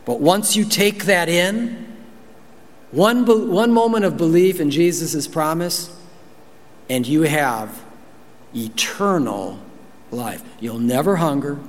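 Animated pastor in a reverberant church. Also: male voice, slow pace, long pauses. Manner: animated, acts out quotes in high voices, laughs. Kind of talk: sermon.

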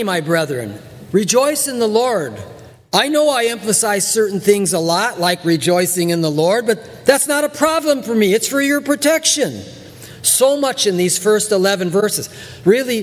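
Male pastor, high voice, lively sermon delivery in a reverberant hall, playful asides. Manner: animated preacher, acts out voices, repeats words for emphasis.

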